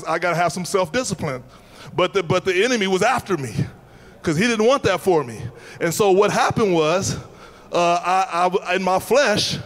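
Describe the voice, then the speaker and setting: A male American pastor preaching a sermon, telling a personal story with laughs and shouted emphasis. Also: high-pitched. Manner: animated testimony, laughing, rising to shouts.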